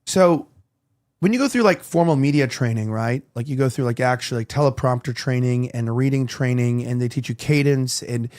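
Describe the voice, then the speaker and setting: A man's voice: medium pitch, fairly quick, darkish tone. A man hosting a casual talk show, rambling with lots of restarts and the odd swear. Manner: rambling, heavy on "like" and restarts, profane. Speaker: podcast host.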